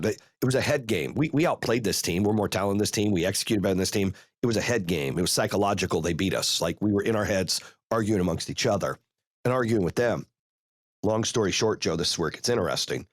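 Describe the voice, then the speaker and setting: A man hosting a podcast, telling a story in a casual, profane, animated way and rattling off rapid play-by-play. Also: on the low side, no room sound, clean studio sound. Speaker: podcast host.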